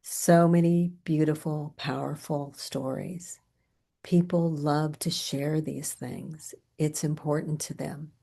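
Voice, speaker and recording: Slow, gravelly-voiced woman therapist lecturing. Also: low voice, steady tone. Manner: soft-spoken, unhurried storytelling, drops to near whispers. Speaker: grief therapist presenting a training. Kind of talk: continuing education lecture with client stories.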